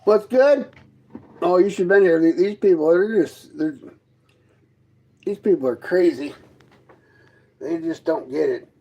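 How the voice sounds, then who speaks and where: A man's voice: fairly high pitch, measured pace, long pauses, darkish tone, low-quality recording. Sarcastic man ranting on a livestream. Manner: sarcastic, mocking, combative. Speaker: livestream host chatting with viewers. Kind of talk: casual livestream rant. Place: inside his fifth-wheel trailer.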